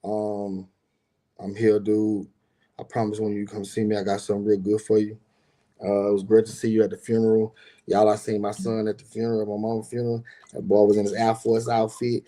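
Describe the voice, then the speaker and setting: A man's voice: lowish voice, completely flat delivery, a little fast, mellow. A middle-aged man casually telling a personal story as a podcast host, loose and conversational, with lots of "you know what I'm saying".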